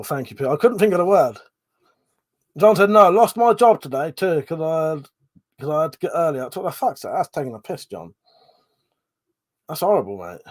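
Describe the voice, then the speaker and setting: A man with a cold, sniffling and coughing, hosting a casual live stream where he reads out viewer comments, swearing and laughing often. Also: a little high.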